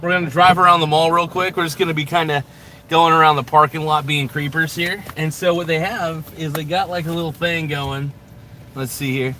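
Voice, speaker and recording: Guy rambling crude jokes n swearing while driving, bright kinda high voice, camera stuck in the car. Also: steady tone, normal speed, slight background noise. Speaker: vlogger. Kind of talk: casual live-stream vlog while driving. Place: inside a car. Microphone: camera mounted in the car.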